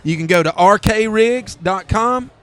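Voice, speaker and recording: High-voiced Southern man calling football. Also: measured pace, a bit bright, clean tone. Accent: Southern American. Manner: easygoing, rambling, corrects himself on air. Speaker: play-by-play announcer. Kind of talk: local high school football commentary.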